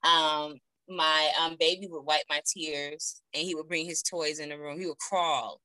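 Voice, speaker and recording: Low, bright-voiced woman, very dry sound. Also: fairly even intonation, unhurried, clean tone, dry recording, rough recording. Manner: earnest, heartfelt, with many fillers. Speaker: guest. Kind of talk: personal story in a remote interview. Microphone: video call.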